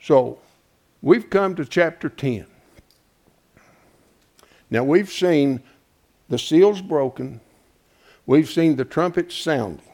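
A man with a high voice preaches a homespun Bible teaching sermon. He keeps quizzing the congregation and drawing answers from them. He drops to hushed asides, then rises to loud, emphatic peaks. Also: expressive, slow pace, pauses often. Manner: asks the congregation questions and draws answers; homespun and colloquial, with frequent "folks" and "ain't".

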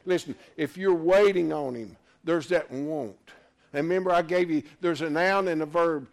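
A man's voice: on the high side, moderate pace, vocal fry. Fervent preacher man. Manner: fervent, swings from loud exclamations to quiet asides. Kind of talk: sermon.

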